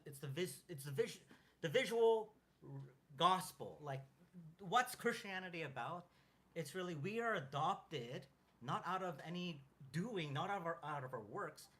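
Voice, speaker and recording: A man in his thirties in casual chat as co-host, earnest and halting, with many restarts and fillers. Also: on the high side, expressive, fairly bright tone.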